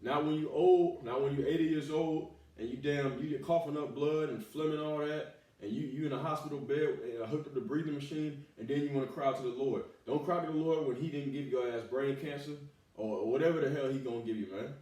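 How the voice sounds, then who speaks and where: A man's voice: fairly high pitch, fairly quick, warm tone. A man preaching a fiery scripture sermon, cursing freely and peppering his lines with "all right" and "man.". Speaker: street preacher. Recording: echoey, from far off the mic.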